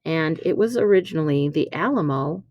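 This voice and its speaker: A woman's voice: low voice, expressive, normal speed, darkish tone, no room sound, dull audio. A woman teacher talking through a slide lesson in a chatty way, explaining with fillers and correcting herself. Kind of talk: recorded classroom lesson over slides.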